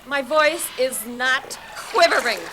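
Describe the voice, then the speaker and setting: An actress playing a sharp, exasperated woman professor in a comedy film. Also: fairly high pitch, huge pitch swings, moderate pace. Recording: film soundtrack with background noise.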